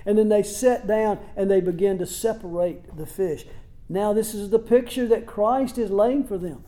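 Man, pastor, sermon, high voice, warm mellow tone, conversational, rhetorical questions. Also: normal speed. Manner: retells scripture scenes in everyday words. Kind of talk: expository sermon.

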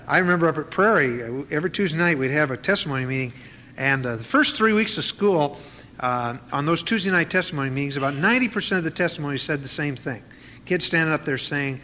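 A man's voice: on the high side, pushed and bright. A man preaching an expository sermon in a conversational way, with frequent fillers and restarts. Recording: faint noise and long reverb of a hall.

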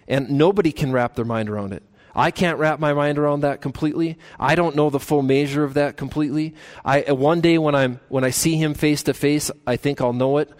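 A man pastor preaching a sermon in a church, earnest, climbing to emphatic peaks and slowing down on key phrases. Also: medium pitch, darkish tone.

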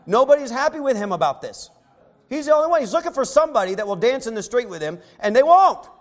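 A man preaching a sermon reads scripture aloud, then retells it in casual modern words, in a very high, very animated voice at a fast pace. He swings between soft asides and loud, emphatic stretches.

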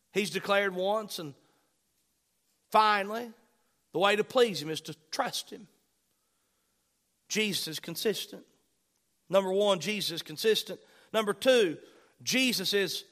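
A man preaching a sermon, repeating key phrases for emphasis and reading scripture slowly. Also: sits high, a bit bright.

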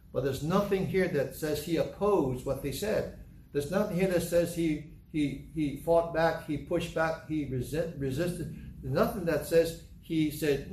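A man's voice: on the high side, a little hiss or hum. Brief: male pastor, conversational sermon with acted-out scenes, echoey room. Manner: conversational, acts out scenes in different voices.

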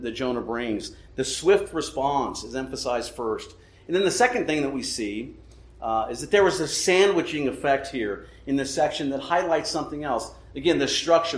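Male pastor, slightly high-pitched, emphatic sermon delivery with rhetorical questions, echoey room.

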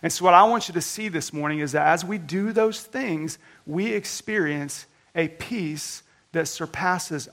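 A man preaching a sermon to his congregation in an earnest, conversational way, acting out quotes with lively energy. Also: on the high side, gravelly. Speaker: pastor.

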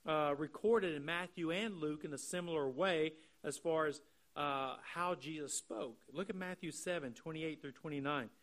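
A man with a notably high voice preaching an expository sermon. He talks earnestly and walks through the text line by line. He draws out key phrases slowly for emphasis. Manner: earnest, explanatory, slows down to stress key phrases. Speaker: pastor.

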